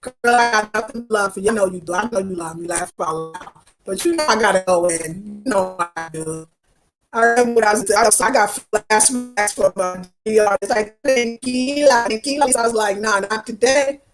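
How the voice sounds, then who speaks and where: Over music, a woman in her fifties talks a little fast in a mid-range voice. The travel vlogger is streaming a casual, fervent chat, repeating herself and talking back at her viewers in loose Black American vernacular.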